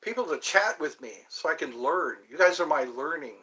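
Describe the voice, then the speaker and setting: Male host, loose rambling talker, bright forward tone, wanders off topic often. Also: fairly high pitch, animated, moderate pace. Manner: rambling, chatty, thinks aloud and digresses. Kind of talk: casual livestream chat.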